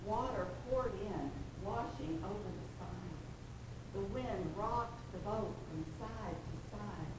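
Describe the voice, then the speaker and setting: A woman pastor from the American Tornado Alley, preaching a sermon in a church and building to forceful emphasis. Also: takes it slowly. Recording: echoey hall, distant mic, rumble.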